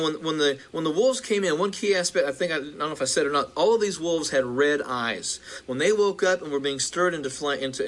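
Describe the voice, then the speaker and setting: A male preacher recounting a vision, halting with restarts and building in intensity. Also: on the high side, sharp tone.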